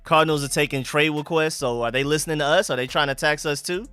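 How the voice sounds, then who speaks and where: Young guy, laid-back slangy stream chat that gets hyped, smooth clear voice. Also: a little high, quick pace. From Atlanta, USA. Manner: relaxed, slangy, bursts of hype calling out picks. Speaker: live streamer host. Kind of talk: casual live-stream chat reading comments.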